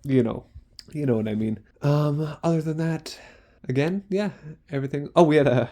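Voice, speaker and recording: A man's voice: mid-range voice, lively intonation, normal speed, warm tone. A young man, a student care worker, chatting casually in a vlog diary, rambling and acting out sounds.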